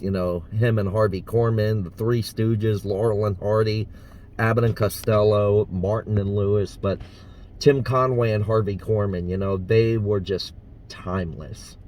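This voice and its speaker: A man from the American South talking casually to his viewers. His voice sits a bit low and his delivery is slow. He often pauses and fills the gaps with ums and uhs. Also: darkish tone, a little hiss or hum. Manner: hesitant, many fillers. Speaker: impressionist vlogger. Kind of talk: casual vlog talk.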